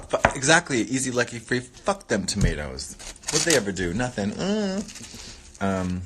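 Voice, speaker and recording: A man's voice: on the low side, sing-song, measured pace, pauses often, background noise. A man hosting a casual livestream, chatting playfully while he eats and rambling between muttered catchphrases. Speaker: livestream host.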